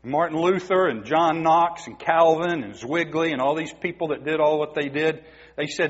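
A man's voice: on the high side, moderate pace. A man preaching a sermon, emphatic and asking the congregation rhetorical questions. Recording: dull, muffled recording in a reverberant hall.

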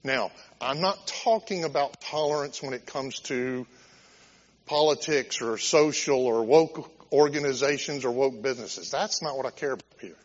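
A man's voice: medium pitch, moderate pace. A male pastor preaching a sermon in a church sanctuary, impassioned and conversational, often restarting his sentences. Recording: dull lo-fi recording with long hall reverb.

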